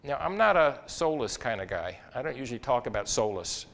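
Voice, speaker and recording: A man's voice: brisk, creaky. Earnest older man telling a story. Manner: expressive, rises and falls in pitch and loudness while recounting; earnest, reflective, with small restarts. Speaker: psychology professor giving a talk. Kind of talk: personal storytelling in a talk.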